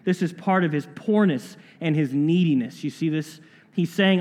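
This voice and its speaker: A man preaching a sermon as pastor, earnest, slowing down to stress key phrases. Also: on the high side, darkish tone. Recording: long hall reverb.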